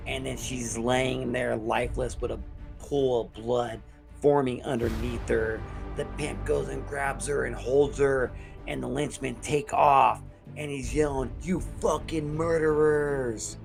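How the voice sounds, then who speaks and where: A man's voice: mid-range voice, steady tone, a little slow, vocal fry, over music. A man hosting a horror review show, recapping an episode in a casual, profane storytelling way.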